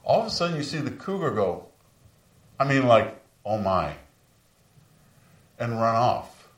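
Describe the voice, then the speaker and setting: Preaching a sermon, a man in his sixties serves as pastor and storyteller, his voice climbing in pitch whenever he wants emphasis. He is very animated and speaks at a normal speed, recorded distantly in an echoey room.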